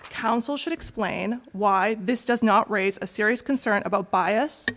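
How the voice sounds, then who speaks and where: A woman on a town council, raising a pointed objection in formal debate, halting with fillers and restarts. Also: mid-range voice, fairly bright tone. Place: council chamber.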